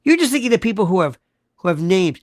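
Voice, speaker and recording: Quick and very animated, this high-voiced male host delivers an emphatic live-stream talk show monologue full of rhetorical questions he keeps repeating. The recording is dry, with clean studio sound.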